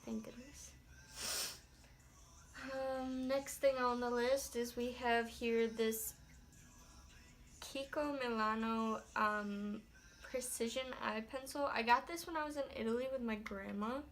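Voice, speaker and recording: Faint music sits behind a young woman's makeup tutorial vlog, filmed on a phone camera. Her fairly high voice stays steady at a measured pace as she chats to herself in a light put-on country accent, letting out mild exclamations.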